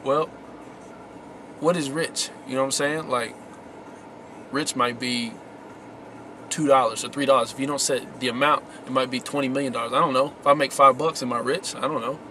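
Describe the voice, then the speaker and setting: A medium-pitched man speaks at a normal speed with a steady tone, pausing often, his delivery bright and forceful under a slight hiss or hum. As a vlogger he gives casual motivational success tips to camera, slangy and emphatic, repeating his key words.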